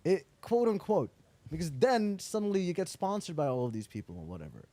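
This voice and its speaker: A man talks through an interview in a casual, animated way, acting out quoted dialogue as he tells his stories. His voice sits fairly high but has a mellow, warm tone, and he swears freely. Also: a little fast, no echo. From Netherlands. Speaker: interviewee, entrepreneur.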